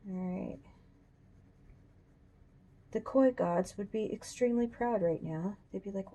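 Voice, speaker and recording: A woman hosting a coloring tutorial, chatting casually and thinking aloud as she works, even talking to her drawing. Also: mid-range voice, a little slow, long pauses. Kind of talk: casual demonstration while drawing. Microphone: camera on a tripod.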